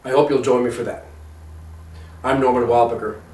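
A man giving a measured, explanatory math lecture. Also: medium pitch, fairly even intonation, recorded from a distance. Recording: echoey room, voice from off mic.

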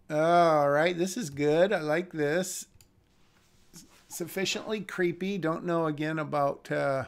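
Reading a screenplay aloud on a live stream, a man critiques it as he thinks aloud, restarting hesitantly. His voice is on the high side, steady and clean-toned, slow, with frequent pauses.

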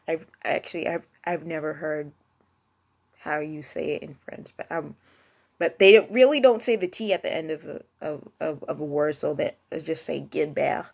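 A young woman telling a story in a casual, rambling monologue, with many restarts and excited rises in pitch. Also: vocal fry, breathy edge. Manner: lively pitch jumps when excited. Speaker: vlogger.

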